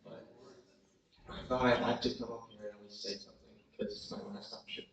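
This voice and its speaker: A man's voice: on the low side, level tone, slight background noise. Tearful young man in an echoey hall. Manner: emotional, apologetic, halting. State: tearful, crying. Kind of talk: unscripted memorial speech. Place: large hall at a memorial gathering. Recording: echoey hall, far from the mic.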